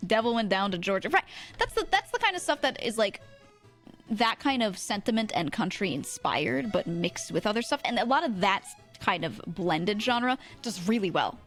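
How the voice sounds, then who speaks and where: A woman's voice: mid-range voice, sing-song, moderate pace, fairly bright tone, faint music behind. A young woman streamer chatting casually, rambling and laughing often. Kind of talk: casual chat.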